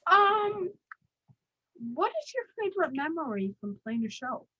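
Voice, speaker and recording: A woman's voice: extremely high pitch, very animated, a little slow, dull audio. A woman hosting an interview in a playful, joking manner, calling her guest dude. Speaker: interview host. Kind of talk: casual interview chat.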